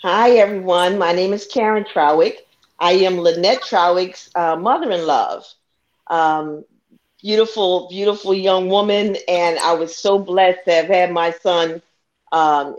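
A woman's voice: fairly low pitch, measured pace, a little mellow, dull audio. A middle-aged woman introducing herself on a panel, gracious and a little hesitant. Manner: gracious, hesitant, filler-heavy. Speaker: mother-in-law, panel guest.

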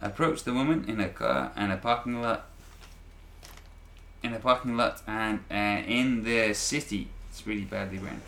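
A man's voice: fairly low pitch, animated, moderate pace, a bit bright. A man co-hosting a podcast, reading news stories aloud in a casual way, stumbling and repeating words as he goes. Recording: echoey room with faint noise.

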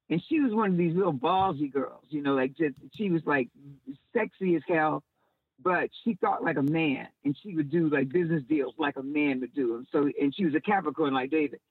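Husky woman on a tinny phone line. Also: deep voice, moderate pace, no echo. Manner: rambling, repeats and restarts words. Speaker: interview guest. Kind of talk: casual storytelling.

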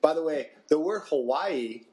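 A man's voice: on the high side, a little slow. A man co-hosting a podcast who tells funny anecdotes in a loose, chatty way. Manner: animated storyteller, chatty with fillers. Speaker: podcast co-host. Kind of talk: casual podcast chat.

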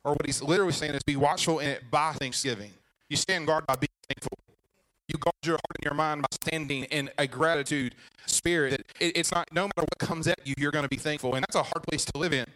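A man, preaching a sermon as pastor, with animated asides and questions to the congregation. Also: on the high side, fast, a little hiss or hum, poor audio. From Virginia.

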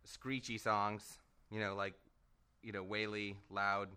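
Bright, smooth-voiced man musing. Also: on the low side, level tone. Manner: thoughtful, halting, repeats words. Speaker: podcast co-host. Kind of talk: casual chat.

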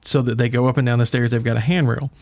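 Animated man telling a story. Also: mid-range voice, quick pace. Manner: animated storyteller, chuckles while talking. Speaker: podcast host. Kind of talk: casual chat, storytelling.

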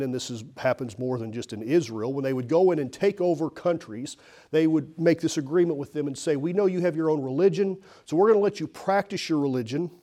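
A man's voice: medium pitch, dark tone. A man preaching a sermon as pastor, telling the story with emphatic, rising and falling delivery. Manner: emphatic storytelling, voice rises and falls.

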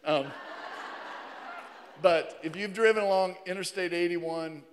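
Man, pastor, fervent sermon, high pitch, hall reverb. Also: moderate pace, slight background noise. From Virginia, USA. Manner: fervent preaching, swinging from hushed to loud. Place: church sanctuary.

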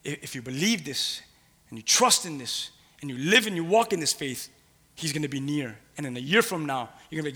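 A passionate male pastor delivering a sermon in a bright, forceful, slightly high voice. He drops to near-hushed intimacy, then builds to loud, rhythmic calls, repeating his phrases and urging the congregation to answer back. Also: lively intonation, a little fast, few pauses.

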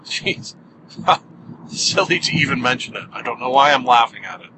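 Over the sound of a car engine and road noise, a man talks through his solo podcast while driving. He speaks at a moderate pace in a medium, animated voice, keeping it casual with wry, self-deprecating jokes.

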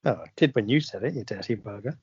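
A man's voice: lowish voice, animated, quick pace, a little mellow, breathy edge. A man co-hosting a casual podcast, teasing and cheeky with dry banter. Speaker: podcast co-host. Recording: dull lo-fi recording.

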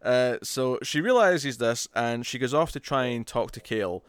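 A man's voice: mid-range voice, lively intonation, moderate pace, clean tone, no room sound. Man, podcast co-host, casual comic review chat, enthusiastic, voices the characters, dry sound. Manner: enthusiastic, acts out characters' lines.

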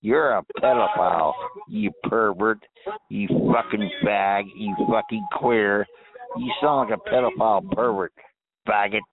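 A man with a slightly low voice fires off the same hostile insults again and again. He comes through thin and boxy over a phone line. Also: fairly even intonation, unhurried, gravelly. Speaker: caller. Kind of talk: heated party-line argument.

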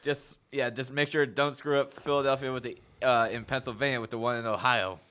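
A man's voice: medium pitch, steady tone, fairly quick, bright, forceful tone, clean tone. A young man co-hosting a casual college radio show, laid-back, answering in short easygoing replies. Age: young adult.

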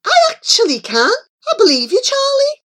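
A woman doing a loud, dim-witted schoolboy. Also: sits high, sing-song, slow, pitched above the performer's own voice, heavily acted. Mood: excited. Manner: loud and blurting.

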